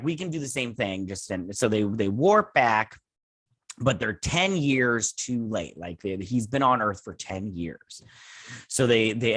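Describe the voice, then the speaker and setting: A man talks through a TV episode at home in a loose, rambling way, stringing events together with filler phrases and throwing in sarcastic, swearing asides. His voice sits at an ordinary pitch and is recorded dry and close, with no room sound. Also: fairly bright tone, no echo. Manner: rambling, says "and everything" and "he's like" a lot. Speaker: host reviewing a TV episode. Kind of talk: casual recap and review. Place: home with children playing nearby.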